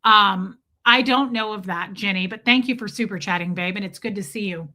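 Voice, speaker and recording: A woman's voice: mid-range voice, fairly quick, sharp tone. A woman hosting a livestream, telling a story in a candid, chatty way, swearing freely and answering viewer comments. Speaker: livestream host.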